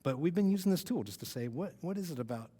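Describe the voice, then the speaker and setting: A man's voice: on the high side, lively intonation, fast talker, warm tone. A man giving a casual youth sermon in a loose, rambling way, full of "like" and "uh". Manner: loose, rambling, lots of "like" and "uh", chuckles. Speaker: youth pastor. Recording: long hall reverb.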